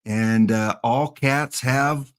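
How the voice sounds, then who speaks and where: A man's voice: medium pitch, fairly even intonation, drawn-out words. Chatty, joking male game streamer. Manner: chatty, jokey, thanks viewers by name. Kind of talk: casual live-stream chat while playing.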